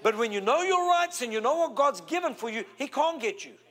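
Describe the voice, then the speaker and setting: A South African man preaching with a strikingly high voice. He talks in an animated way, drawing out key words and pausing to call for amens. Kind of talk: sermon.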